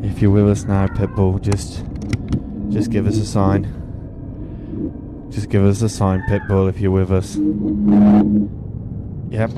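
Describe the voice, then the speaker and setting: A man putting on a mock seance medium, calling out in a slow, low, booming incantation. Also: completely flat delivery, heavy background noise. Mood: solemn summoning. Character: mock seance medium summoning a spirit, male adult.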